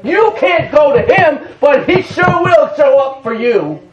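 Male pastor, sermon; emphatic, shouts often, very high voice. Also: expressive, unhurried, muffled recording, a crowd in the background. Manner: fervent, emphatic, breaks into shouts and laughter.

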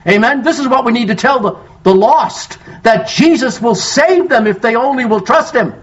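A man's voice: very high voice, lively intonation, normal speed. A man preaching a sermon as pastor, quoting scripture with strong emphasis and calling out to his congregation for responses. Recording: dull lo-fi sound.

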